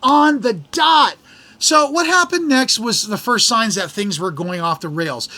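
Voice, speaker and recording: A middle-aged American man hosting a podcast, telling a travel story in an animated, exasperated way and acting out the people in it. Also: high voice, normal speed. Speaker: podcast host. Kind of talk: casual storytelling.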